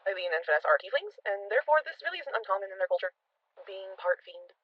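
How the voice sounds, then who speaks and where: A game master recapping a tabletop adventure, telling the story at a rapid clip. The voice sounds dry and close, with animated, lively narration. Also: medium pitch, no room sound, phone-quality sound.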